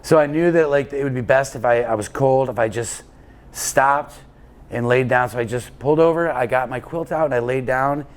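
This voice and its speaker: This is a man in a casual interview, recounting a long ride in a loose, anecdotal way. He drifts through the story, stopping for fillers and restarting his sentences as he goes. His voice sits at an ordinary pitch for a man. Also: normal speed. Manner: rambling anecdotal telling with many fillers and restarts. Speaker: guest, endurance cyclist.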